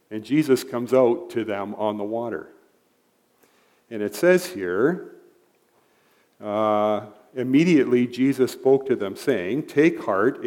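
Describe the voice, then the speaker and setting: A man's voice: lowish voice, a little mellow. A man preaching a sermon in a conversational way, retelling Bible stories with frequent asides to the listeners. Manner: conversational, frequent "right?" and "you know" asides.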